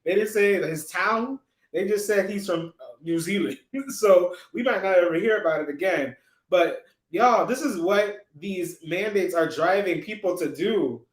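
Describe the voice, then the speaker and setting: High-voiced man in a roomy space. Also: unhurried. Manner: animated storyteller, laughs and repeats lines for effect. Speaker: host. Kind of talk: casual livestream commentary.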